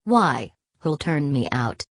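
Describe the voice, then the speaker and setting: A woman's voice: deep voice, big pitch swings, slow, dry recording, clean studio sound, full character voice. A woman voicing a brawny working-class smith who threatens and sneers, dropping his word endings. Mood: defiant.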